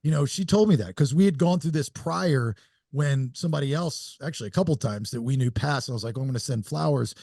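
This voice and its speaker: A man co-hosting a podcast who tells a story in a halting, rambling way, often restarting his sentences. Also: a little high, expressive, warm tone, dry recording, studio quality. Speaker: podcast co-host. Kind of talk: casual storytelling.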